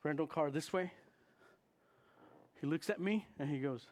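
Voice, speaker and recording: A man who is a chaplain, telling a story of his trip to a congregation in an animated way and acting out the dialogue. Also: a little slow. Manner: animated, acts out dialogue with big jumps in pitch and volume. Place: church.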